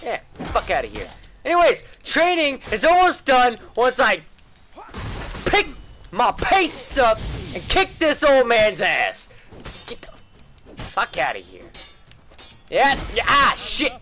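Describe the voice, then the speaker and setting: Male gaming streamer, slow-talking, animated pitch, swears and shouts at the screen, stammers when rattled. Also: faint music behind. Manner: loud, profane trash talk at the game, yelling in bursts. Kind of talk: live gameplay commentary.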